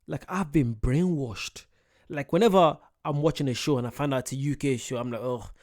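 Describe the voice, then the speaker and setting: Brief: English male reactor, fairly high-pitched, animated and rambling, casual and jokey. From England. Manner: animated, chatty and rambling, quick to joke. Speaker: reaction video host.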